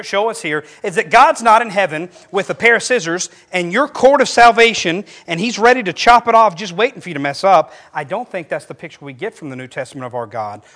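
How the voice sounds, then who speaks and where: A middle-aged male pastor preaching a sermon, telling stories with a voice that climbs for quoted lines. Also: high voice. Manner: animated storytelling, voice rising for quoted lines.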